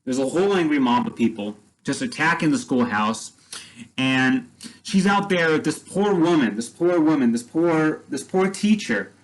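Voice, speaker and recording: A man casually retelling a story in his own plain voice. He rambles, repeats himself, and leans on fillers as he goes. The tone is relaxed and conversational. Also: on the high side, moderate pace, rough recording.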